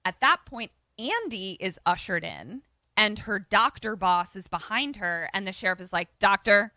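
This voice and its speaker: A woman podcast co-host retelling a film in casual, profane chat, animated and acting out bits of dialogue. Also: mid-range voice, moderate pace, no room sound. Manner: animated, profane, acts out voices.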